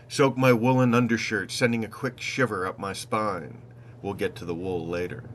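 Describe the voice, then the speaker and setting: A man narrating his own travel story in the first person, reflective and meandering, with wry asides and unhurried self-corrections. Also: lowish voice, a bit bright, a little hiss or hum.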